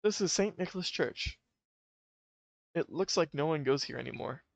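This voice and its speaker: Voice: medium pitch, lively intonation, normal speed, gravelly, no echo. A streamer chatting casually while playing, joking and trailing off with sighs as they talk. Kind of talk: casual gameplay chat, reading dialogue aloud. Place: home streaming setup. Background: game music.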